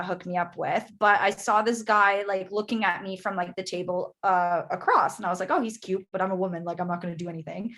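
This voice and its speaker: A woman's voice: mid-range voice, a bit bright. A young woman from Canada, chatting casually as a podcast guest, with lots of fillers and acted-out quotes.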